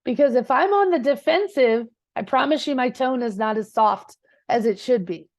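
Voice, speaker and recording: A woman's voice: fairly high pitch, normal speed, a little mellow. A woman real estate coach giving a passionate, preachy motivational talk, casual with "y'all" and "girl".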